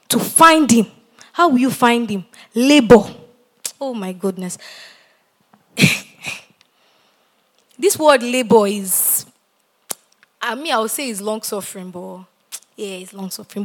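A woman preaching a sermon, repeating key phrases and building from quiet prayer to loud, impassioned exhortation. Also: a little high.

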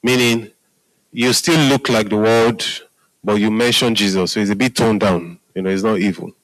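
Low-voiced preacher, conversational. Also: male voice, steady tone, moderate pace, a bit bright, dry recording, poor audio. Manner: conversational, repeats "Hallelujah" and "are we together?" to the audience. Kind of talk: sermon.

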